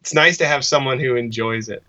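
A man's voice: medium pitch, a little fast, sharp tone. A man and musician in a casual interview, talking thoughtfully and often restarting, in dull, muffled audio.

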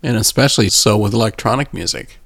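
A man's voice: on the low side, quick pace, gravelly, a bit bright, husky. A man interviewing a guest, asking short conversational questions. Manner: brief, conversational prompts.

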